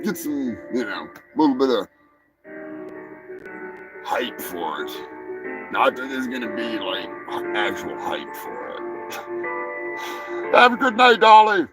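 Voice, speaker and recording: Crude, joking male host with a gravelly voice. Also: mid-range voice, low-quality recording. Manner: crude, joking, swears, shouts now and then. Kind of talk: casual live-stream chat. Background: music playing.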